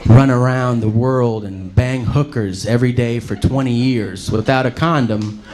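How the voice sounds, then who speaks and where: A man doing a loud, profane stand-up routine with mock outrage. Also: mid-range voice, measured pace, slight background noise. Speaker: stand-up comedian.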